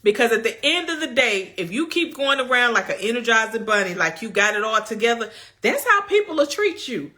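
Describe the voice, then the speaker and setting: A young adult woman gives a motivational self-care talk on her vlog, speaking with a bright, forceful edge. Her voice sits a bit above the usual pitch. She preaches in a colloquial, folksy way and keeps pressing her points straight to the viewers. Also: sing-song, brisk. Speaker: lifestyle vlogger.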